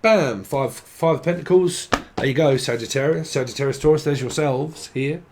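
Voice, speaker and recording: A man's voice: a little high, normal speed, background noise. A man giving a casual tarot reading, rambling and swearing, laughing often and mimicking imagined people. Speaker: tarot reader.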